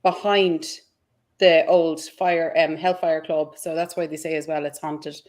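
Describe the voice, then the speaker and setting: A woman with a fairly low voice, eagerly recounting an encounter from a ghost hunt. She jumps into the conversation quickly and speaks with building excitement. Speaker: paranormal investigator guest. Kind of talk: storytelling in conversation.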